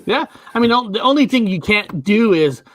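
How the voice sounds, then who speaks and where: Hesitant high-voiced American host. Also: male voice, expressive, normal speed, fairly bright tone. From United States, Washington state. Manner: loose, hesitant with many ums and uhs. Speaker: online show host. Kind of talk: casual video call interview.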